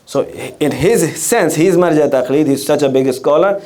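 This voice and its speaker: This middle-aged preacher has a slightly high, darkish voice and keeps a moderate pace. In a gathering hall he weaves stories into his sermon, asking rhetorical questions and frequently starting over.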